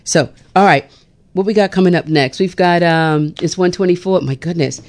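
A woman's voice: on the low side, moderate pace, a little mellow. A middle-aged woman hosting a chatty radio show, laughing often between prayers and callers. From Bermuda. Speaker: radio host. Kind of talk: casual radio chat and prayer.

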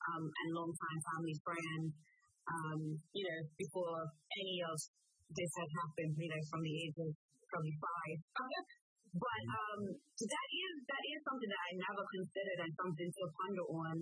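A woman's voice: deep voice, a bit bright, slightly rough, dry recording, low-quality recording. A woman with a Bermudian accent, a local councillor talking casually in an interview with many fillers and restarts. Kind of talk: conversational interview.

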